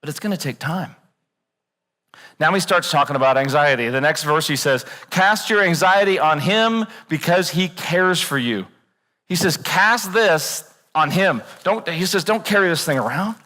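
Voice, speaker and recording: A man preaching a sermon in a church, animated and joking, acting out worried voices. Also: fairly high pitch, normal speed, in a large hall. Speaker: pastor. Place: church auditorium.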